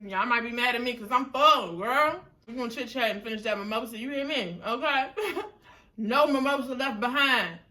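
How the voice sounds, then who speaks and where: Woman rambling at the camera between bites, bright tone, laughs a lot. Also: fairly high pitch, moderate pace. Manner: chatty, drawling, laughs often. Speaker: mukbang vlogger. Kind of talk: casual chat while eating. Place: outdoors, windy.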